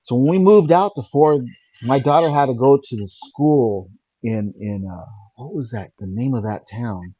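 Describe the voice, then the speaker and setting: A man telling a personal story in casual conversation as a guest, rambling and animated. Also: medium pitch, normal speed, husky, dry recording. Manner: rambling, animated, acts out quoted voices. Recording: dull, lo-fi and dry.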